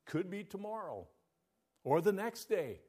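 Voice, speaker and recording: Brief: male pastor voicing a keen young preacher, earnest, raised pitch. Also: big pitch swings, unhurried, a little mellow, husky, exaggerated voice. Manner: earnest, pressing questions.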